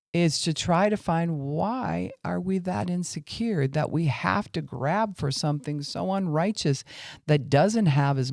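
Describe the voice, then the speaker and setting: A man's voice: mid-range voice, gravelly, a little mellow, dry recording, clean studio sound. A man giving an earnest faith-based teaching talk on a podcast, acting out voices to make his points. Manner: earnest, acts out angry and weary voices to illustrate. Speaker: Christian podcast speaker.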